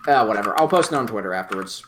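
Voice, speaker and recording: A man's voice: on the low side, animated, racing, noisy background. A man speaking as a guest on a casual podcast, talking in an offhand, self-deprecating way and swearing now and then. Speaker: podcast guest, game modder.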